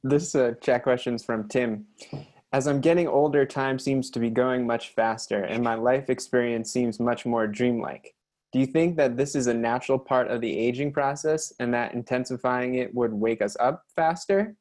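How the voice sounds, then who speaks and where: A man's voice: medium pitch, moderate pace, darkish tone. Man plainly reading out questions. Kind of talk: reading chat questions aloud. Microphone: video call.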